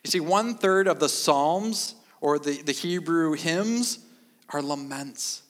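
Deadpan preacher in a reverberant hall. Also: male voice, on the high side, slow. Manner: deadpan, self-mocking humor with emphatic repetition. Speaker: pastor. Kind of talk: sermon. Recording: long reverb of a large hall.

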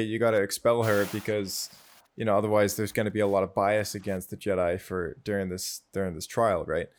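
A man in a casual discussion, speaking chattily with frequent "like" and repeated words. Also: on the low side. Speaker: podcast co-host.

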